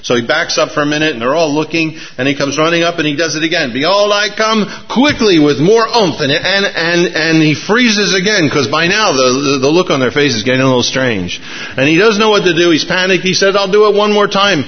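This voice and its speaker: A man's voice: a little high, brisk. Man preaching a sermon, muffled recording. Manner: storytelling, building excitement, then soft and reflective. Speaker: pastor.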